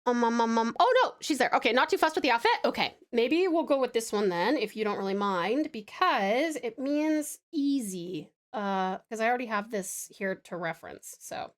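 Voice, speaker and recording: A woman's voice: on the high side, lively intonation, normal speed, hardly any pauses. An Australian woman from Tasmania, chatting with her viewers on a live stream, bubbly and giggly, often gasping and laughing. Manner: affectionate with viewers. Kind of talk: casual live-stream chat.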